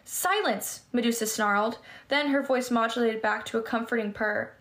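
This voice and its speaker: A woman's voice: on the high side, steady tone, a little fast, fairly bright tone. A woman reading a novel aloud in first person, now and then stumbling over words and restarting them. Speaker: reader.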